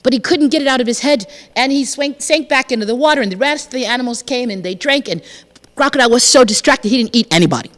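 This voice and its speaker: Woman storyteller, animated, rhythmic repetition, audience call-ins, echoing sanctuary. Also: fairly high pitch, quick pace. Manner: lively, repetitive, invites the audience to join in. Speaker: guest storyteller. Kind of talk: storytelling to a congregation. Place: church sanctuary. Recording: long reverb of a sanctuary.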